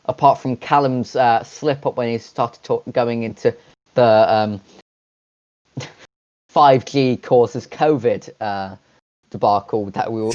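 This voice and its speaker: A man co-hosting a casual podcast, talking in a halting way with frequent pauses and restarts. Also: medium pitch, a little mellow, dull audio. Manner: halting, many fillers and restarts. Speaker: podcast co-host.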